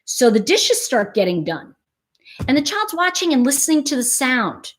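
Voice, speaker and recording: A woman talks in a casual, explanatory way, with a fairly high voice that swoops up and down. She keeps the talk animated by acting out everyday scenarios as she explains them. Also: moderate pace. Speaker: host.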